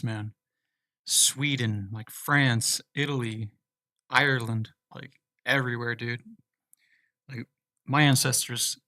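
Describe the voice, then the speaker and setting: A man from the United States chats casually on a livestream, reading out viewer questions and answering them loosely. His voice sits at an ordinary middle pitch. The sound is dry and close, with no room echo. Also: pushed and bright. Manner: laid-back, reads viewer questions aloud and answers loosely. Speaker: livestream host answering chat.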